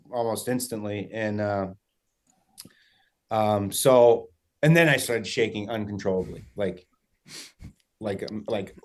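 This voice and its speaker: Excitable young New England man. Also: medium pitch. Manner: excited rambling with many fillers and swearing. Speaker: guest hunter. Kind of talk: casual storytelling.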